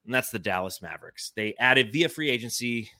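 A man in his thirties co-hosting a casual sports talk show, animated and swearing now and then. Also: mid-range voice, fairly quick, dry recording, clean studio sound. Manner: animated, swears, reads chat comments. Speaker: podcast co-host.

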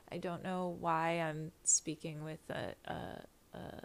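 A woman's voice: low-pitched, level tone, takes it slowly, gravelly, hardly any pauses. Stuffy-nosed woman chatting candidly. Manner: candid and profane, rambling storytelling. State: stuffy nose after nasal surgery. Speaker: podcast host. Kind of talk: casual chat. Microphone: makeshift backup mic.

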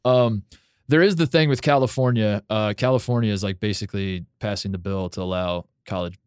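Man, podcast host, low voice, dry close sound, loose rambling delivery with restarts. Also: fairly quick, clean tone, no echo. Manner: rambling, many restarts, swears casually. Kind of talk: casual podcast chat.

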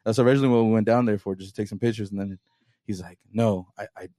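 Fast-talking man with a lowish voice. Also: steady tone, warm tone, no room sound, clean studio sound. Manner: rambling, profane, laughs while retelling. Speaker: podcast host. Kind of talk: casual chat, storytelling.

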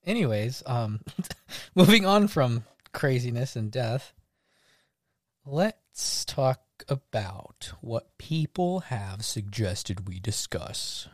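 A man's voice: medium pitch, big pitch swings, slow pace, no echo, clean studio sound. A man co-hosting a casual podcast, playful and laughing often, slipping into silly voices for his stories. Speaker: podcast co-host. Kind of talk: casual chat.

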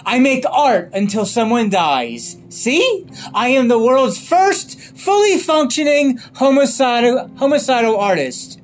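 Man doing a theatrical clown villain, mocking and sing-song, lively swoops in pitch, faint music under. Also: measured pace, heavily acted. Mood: gleeful. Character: grinning madcap male clown villain, theatrical.

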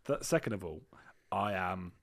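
A man's voice: deep voice, expressive, moderate pace. A young man with an English accent, co-hosting a podcast in casual, rambling, cheeky and sweary chat. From Britain. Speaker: podcast co-host.

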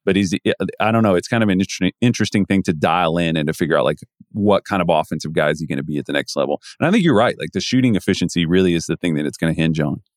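A man's voice: low-pitched, rapid-fire, few pauses, dry recording, studio quality. A man co-hosting a podcast, talking basketball in a loose, rambling way and laughing easily. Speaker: podcast co-host. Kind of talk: casual basketball chat.

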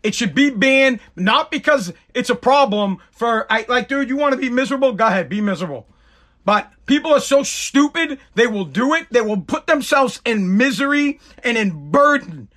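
A man with a high, lively voice rants on his podcast with mocking exasperation. His tone is sharp and forceful as he keeps cracking himself up between lines. He is recording at home. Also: normal speed. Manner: exasperated, mocking, breaks into laughter. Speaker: podcast host. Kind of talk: comedic podcast rant.

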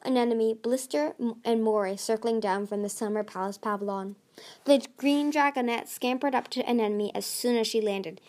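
A woman's voice: a little high, a little mellow. A woman narrating a children's fantasy novel aloud, with small slips and restarts. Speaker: audiobook reader. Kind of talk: storybook narration.

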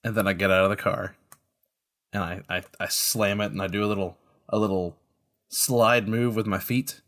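A man's voice: lowish voice, steady tone, moderate pace, fairly bright tone. A man player in a tabletop role-play, describing his character's moves playfully.

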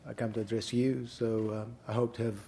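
A man with a Greek accent giving an academic lecture at a university, measured and deliberate with frequent pauses. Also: lowish voice, level tone, gravelly, dark tone. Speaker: guest lecturer.

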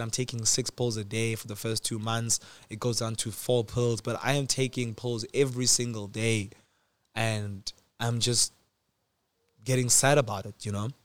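A man in his twenties telling a personal story in a casual, slangy way, swinging between loud excitement and quiet reflection. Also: medium pitch. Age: 20s.

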